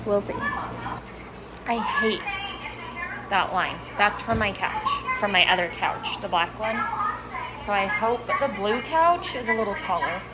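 A woman's voice: medium pitch, measured pace, very noisy. A woman vlogging casually about her day, a mom rambling through stories with lots of "like" and "freaking". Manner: rambling, breathless storytelling with "like" and "freaking". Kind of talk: casual chatty vlog. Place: home, car and store.

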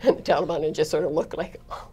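A woman's voice: sits low, fairly even intonation, very fast, warm tone, slight background noise. A middle-aged woman, a foreign correspondent, recounting her career in a chatty interview, laughing often and restarting her sentences. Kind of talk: reflective interview storytelling.

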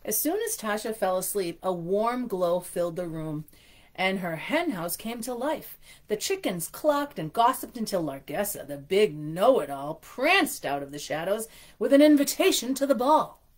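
A woman's voice: mid-range voice, very animated, moderate pace. A woman hosting a storytime and reading a picture book aloud, breaking into gushing, chatty asides. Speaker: storytime host.

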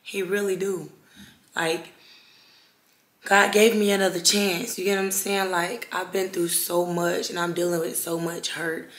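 A woman's voice: fairly low pitch, little pitch movement. Emotional young woman vlogging in an echoey room. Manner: halting, tearful and fervent, repeats herself. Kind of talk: emotional personal vlog talk.

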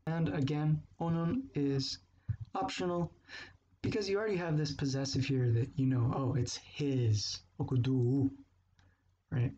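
A man teaching a language lesson, explaining grammar step by step and patiently repeating example phrases slowly. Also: on the high side, dark tone, muffled recording, slight background noise.

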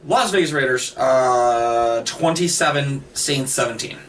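A man co-hosting a casual sports picks chat over an online call, quick with jokes and banter. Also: medium pitch, fairly bright tone. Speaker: co-host making picks. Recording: distant mic with faint noise.

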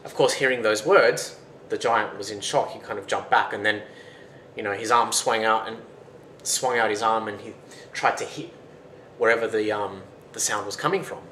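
A man's voice: lowish voice, moderate pace, sharp tone. A man retelling a folktale in a casual, conversational way, in a roomy recording with faint noise. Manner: casual, conversational narration with fillers. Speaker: storyteller.

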